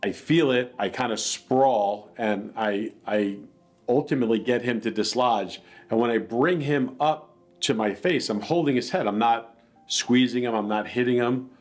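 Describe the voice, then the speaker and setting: A man's voice: mid-range voice, normal speed, soft background music. A man earnestly telling a personal account in a plainspoken, reflective way. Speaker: dog attack victim telling his story.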